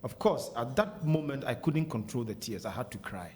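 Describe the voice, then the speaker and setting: A Ghanaian man talking as a radio guest, earnest and measured, often checking in with "okay?". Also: medium pitch, expressive, mellow, slight background noise. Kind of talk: candid radio talk. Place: radio studio.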